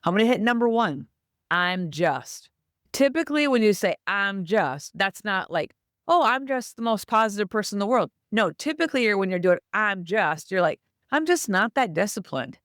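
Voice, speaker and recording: A woman's voice: medium pitch, animated, a little fast, a bit bright, dry recording. Woman, podcast host, motivational faith talk, emphatic, dry close sound. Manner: emphatic, preachy, acts out quoted phrases.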